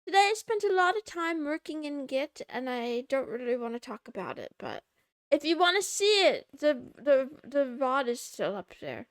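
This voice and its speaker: A woman's voice: sits high, very animated, moderate pace, no room sound, studio quality. A woman VTuber chatting casually on a live stream, giggling, teasing herself and reading viewer messages aloud. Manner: giggly, self-mocking, reads chat aloud.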